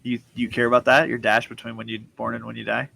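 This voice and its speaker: A man's voice: medium pitch, level tone, quick pace, vocal fry, bright, forceful tone, rough recording. A young man hosting a podcast, laid-back and slangy, calling his guest dude and bro. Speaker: podcast host. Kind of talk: casual podcast chat.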